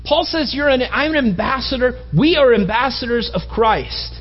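A man preaching a sermon in an animated, mocking way, building to emphatic appeals. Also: extremely high pitch, normal speed, highs cut off, faint music behind. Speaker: pastor.

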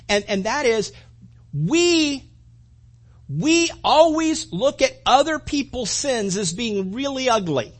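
A man preaching a conversational sermon, animated and full of restarts and acted-out asides. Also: very high-pitched, husky. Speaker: pastor.

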